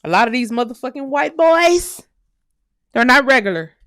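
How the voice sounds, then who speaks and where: A woman's voice: sits high, animated, moderate pace, a bit bright, dry recording. Fiery profane woman host, dry sound. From United States. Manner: profane, emphatic, repeating phrases. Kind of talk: heated live-stream rant.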